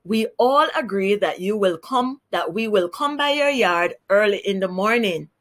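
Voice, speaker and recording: A woman's voice: mid-range voice, animated, normal speed, natural voice. A woman voicing an impatient male parrot in a storybook reading, fretful and pressing.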